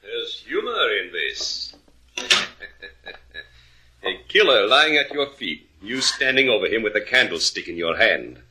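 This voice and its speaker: An actor playing a smooth, sardonic villain in a 1950s radio drama. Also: male voice, fairly low pitch, sing-song, a little slow, long pauses, sharp tone, slight background noise, full character voice. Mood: menacing. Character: suave menacing villain, mocking and cold.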